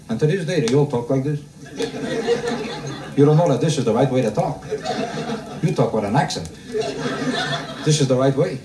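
A man doing a stand-up routine for a live audience, grumbling deadpan and tossing rhetorical questions at the crowd. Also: on the high side. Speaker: stand-up comedian. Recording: roomy live club recording, mic heard from a distance. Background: audience laughter.

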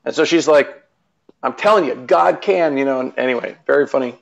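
A man telling a personal story as a guest on a live show, earnest and animated, with many restarts. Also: mid-range voice, a little fast, creaky, muffled recording.

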